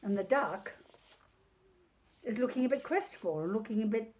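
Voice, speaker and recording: An older woman reading a picture book aloud on video, chatty and digressive, pausing to talk about the pictures. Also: fairly high pitch, animated, darkish tone, slight background noise.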